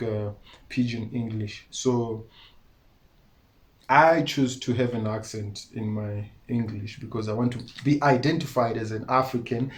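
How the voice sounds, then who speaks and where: A man from Malawi with a Malawian accent, talking earnestly as an interview guest and often breaking into laughter. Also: mid-range voice. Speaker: musician guest. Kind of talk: casual interview talk.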